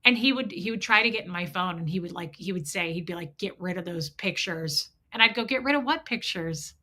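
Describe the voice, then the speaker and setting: A woman hosting a livestream, telling a story in a blunt, profane, animated way and acting out both sides of old arguments. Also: on the low side, brisk. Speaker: host.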